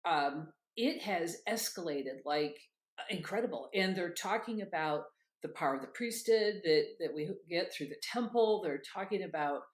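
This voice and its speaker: A middle-aged woman, a guest on an interview show, telling stories in an animated, emphatic way. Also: lowish voice, normal speed. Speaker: guest, author and former candidate. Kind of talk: conversational interview storytelling.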